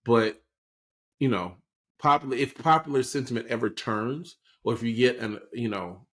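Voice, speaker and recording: A man's voice: mid-range voice, normal speed, a bit bright. A man co-hosting a podcast, talking through current events in a casual explanatory way and often checking in with "right?". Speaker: podcast co-host. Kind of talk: casual political chat.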